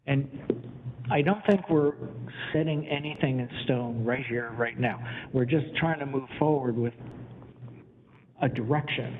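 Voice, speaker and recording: Man chairing a meeting, tinny audio. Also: mid-range voice. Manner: halting, restarts sentences, polls members for votes. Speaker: council chair. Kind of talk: public meeting discussion. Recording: tinny phone-like audio with faint hiss.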